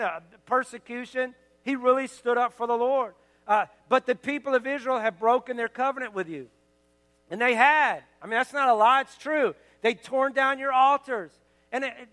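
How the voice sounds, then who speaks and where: A man's voice: extremely high pitch, sharp tone. A man preaching a sermon as pastor in a church, earnest and exhorting, building to emphatic declarations. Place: church sanctuary. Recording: long hall reverb.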